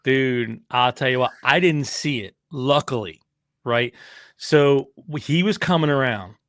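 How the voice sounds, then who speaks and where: A man's voice: medium pitch, a little slow, a bit bright, no room sound, clean studio sound. A man who owns a racing team and is the father of a rider, telling stories in a casual podcast chat. He acts out quotes and swears freely.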